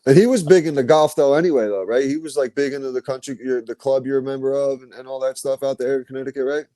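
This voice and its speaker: A man's voice: medium pitch, steady tone, quick pace, warm tone, dry recording. A man from New hosting a podcast, bantering in a loose, slangy, enthusiastic way. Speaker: podcast host. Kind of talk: casual interview chat. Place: podcast studio.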